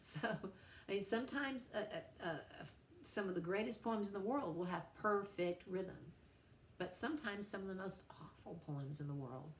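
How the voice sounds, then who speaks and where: A woman's voice: medium pitch, normal speed. A middle-aged woman teacher giving a friendly, playful recorded lecture to her class. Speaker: writing teacher. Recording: roomy sound with faint background hum.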